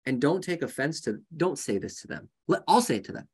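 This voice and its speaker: A man coaching a live group of real estate agents in a lively, joking way, often acting out conversations. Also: fairly high pitch, brisk, slightly rough. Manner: animated, jokey, acts out conversations.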